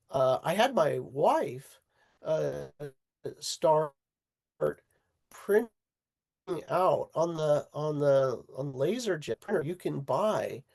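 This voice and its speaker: A man telling a personal story in an interview, halting in places and acting out the voices of the people in it. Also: fairly high pitch, creaky. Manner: halting, animated storyteller who acts out quoted voices. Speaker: interview guest. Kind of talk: casual storytelling.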